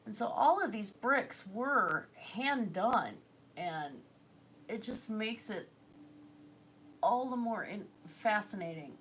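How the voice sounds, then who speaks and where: A woman's voice: medium pitch, expressive, takes it slowly, a bit bright, slight background noise. A woman chatting casually while she paints on a livestream, rambling with fillers and self-corrections. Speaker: artist livestreaming a painting session.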